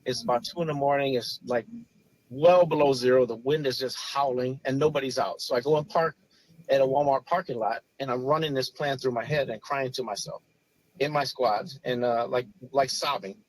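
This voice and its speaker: A man in his forties, a podcast guest, telling a personal story in an earnest, halting way with frequent restarts. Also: mid-range voice, rough recording. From Chicago area. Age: 40s. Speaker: podcast guest, former police officer. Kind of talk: personal story, casual talk.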